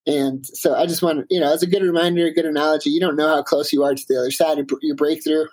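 A man, a guest on an interview show, telling an animated story in a casual way, with many fillers. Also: on the high side, fast talker, poor audio.

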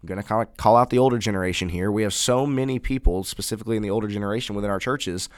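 Man, low voice, earnest, emphatic, dry recording, podcast co-host. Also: racing, no echo. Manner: earnest, emphatic, repeats words when rephrasing. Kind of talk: casual Christian podcast discussion.

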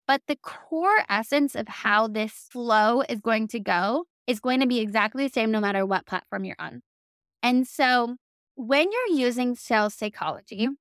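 A woman's voice: on the high side, a bit bright, no room sound, clean studio sound. A young woman from the American South, coaching in a chatty, upbeat way and often saying "like". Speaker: business coach. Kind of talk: casual teaching to camera.

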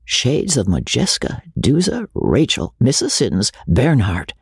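A woman with a husky voice narrating a novel in a measured, expressive way. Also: a bass voice, no echo, clean studio sound. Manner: measured, expressive literary reading. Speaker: audiobook narrator. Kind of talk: scripted narration.

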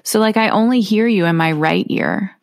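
A woman co-hosting a casual podcast chat, telling stories in an animated, chatty way. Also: medium pitch, moderate pace, creaky, no room sound, studio quality. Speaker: podcast co-host. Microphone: earbuds.

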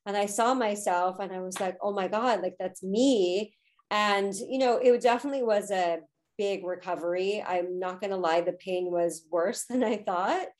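A woman in her thirties speaks as a guest on a podcast and tells her own story openly and with feeling. She fills her talk with ums and you knows. Her voice sits at a middle pitch. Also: moderate pace. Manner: candid and emotional, with frequent fillers. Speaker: podcast guest, spiritual teacher. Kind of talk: personal story in a podcast interview.

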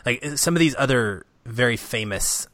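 A man's voice: medium pitch, animated, normal speed, a bit bright, no room sound. A man hosting a film podcast, asking playful questions with hesitant fillers. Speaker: podcast host. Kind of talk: casual film discussion.

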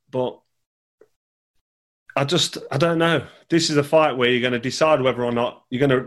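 A man, chatting casually over a call, rambling and repeating words. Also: medium pitch. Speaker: podcast guest, former boxer. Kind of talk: casual chat.

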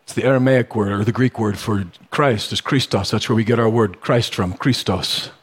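A man preaching a sermon as pastor, telling stories in a conversational way with sudden animated bursts. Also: on the low side, moderate pace, husky.

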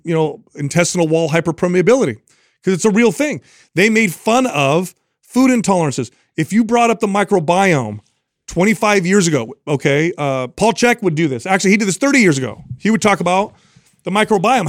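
A man's voice: high voice, dry recording, clean studio sound. A man in his forties co-hosting a podcast, talking emphatically and often repeating words as he starts a sentence. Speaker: podcast co-host. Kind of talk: casual discussion.

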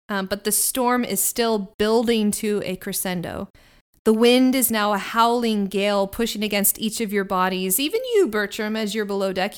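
A woman's voice: mid-range voice, smooth. A woman narrating a tabletop game as game master, with vivid, descriptive storytelling.

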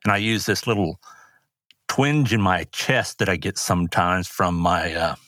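A man's voice: sits low, measured pace, fairly bright tone, no room sound, clean studio sound. Older man telling earnest stories. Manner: earnest, rambling anecdotes with restarts. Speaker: guest, rodeo announcer. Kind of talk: personal storytelling interview.

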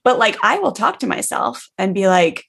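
A woman's voice: mid-range voice, very animated, moderate pace, vocal fry, a bit bright, breathy edge. A woman hosting a podcast, speaking in a candid, reflective, casual way. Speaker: podcast host. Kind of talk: casual conversation.

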